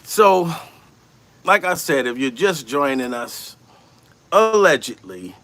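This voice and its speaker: A man doing a comedic, profane rant, incredulous and animated, laughing often as he talks. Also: fairly high pitch, slow. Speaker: comedian commentator.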